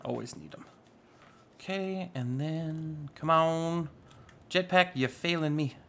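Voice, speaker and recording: Chatty gravelly young man gaming. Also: on the high side, takes it slowly, a bit bright, slight background noise. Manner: chatty, rambling, playful asides. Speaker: Minecraft YouTuber. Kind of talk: casual gameplay commentary.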